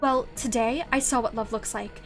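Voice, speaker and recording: A woman reads out a cold female ghost from a dating game, her voice dropped lower and hushed. Her line delivery stays slow and soft, tender on the surface with menace underneath. Faint music hums behind her. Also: fairly even intonation, lightly acted. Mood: bitter. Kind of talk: reading a dating game's lines aloud.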